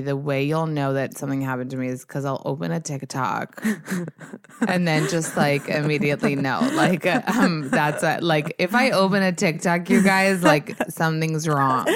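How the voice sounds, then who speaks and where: A woman's voice: low-pitched, normal speed, crowd noise. A woman hosting a podcast in casual chat. She talks freely, swears often and fills her speech with "like". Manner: chatty and swears freely, heavy use of "like". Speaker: podcast host.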